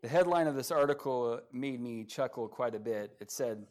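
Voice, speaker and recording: A man preaching as pastor at a church service, with folksy humor, swinging from quiet asides to loud, rising passages. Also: mid-range voice, a little slow. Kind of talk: sermon.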